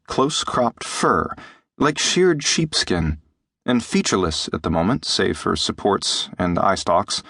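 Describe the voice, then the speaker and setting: A male audiobook narrator with a low voice reads scripted material in a steady, measured storytelling style. It's recorded dry on a close studio mic, with studio quality.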